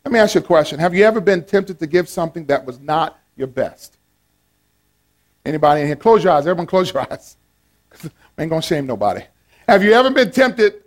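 A pastor preaching a playful, animated sermon with call-and-response to his congregation. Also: a little high, fairly quick.

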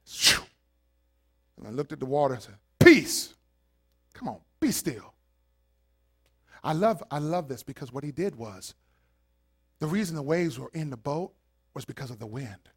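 A man preaching a sermon, animated and acting out voices, rising to shouted peaks. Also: a little high, normal speed, long pauses, breathy edge. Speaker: pastor.

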